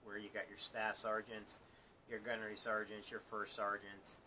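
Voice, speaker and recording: Bright-voiced man telling an army story. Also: on the low side, completely flat delivery, moderate pace, a little hiss or hum. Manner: rambling, laughs at his own story, repeats words. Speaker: live-stream host, former Marine sergeant. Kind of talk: casual storytelling on a live stream.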